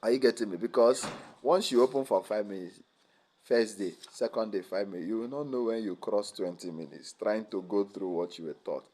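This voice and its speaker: Lively man giving a study seminar. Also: lowish voice, brisk. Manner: lively, teasing, asks the audience rhetorical questions. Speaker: guest speaker at a student seminar. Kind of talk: motivational academic seminar talk.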